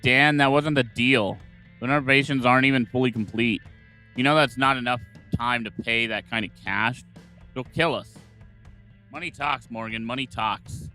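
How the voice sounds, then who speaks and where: Bright-voiced man voicing game characters. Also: medium pitch, smooth. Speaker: gamer reading game dialogue aloud.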